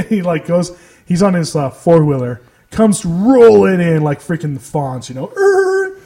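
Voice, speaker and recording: A man's voice: a little high, measured pace. A man co-hosting a podcast in casual chat, telling stories with lots of laughter and mocking asides. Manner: animated, laughs often, mocking storyteller. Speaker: podcast co-host.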